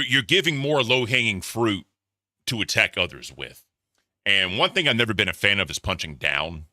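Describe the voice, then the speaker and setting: A man hosting casual commentary, offhand and opinionated, often trailing off into quiet mutters. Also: low-pitched, dry recording, studio quality. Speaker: commentary host.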